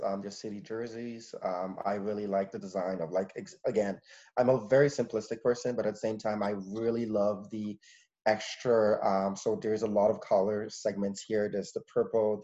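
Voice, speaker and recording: A man's voice: lowish voice, fairly even intonation, moderate pace, dark tone. A man who is a podcast guest, talking enthusiastically and casually with lots of fillers and some swearing. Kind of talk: casual panel chat. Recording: dull lo-fi sound.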